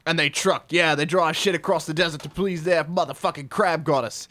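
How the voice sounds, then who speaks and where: A man voicing a gruff, swearing narrator in a put-on Australian accent, reading game rules with a loud, strained swagger. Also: fairly high pitch, fairly even intonation, a little fast.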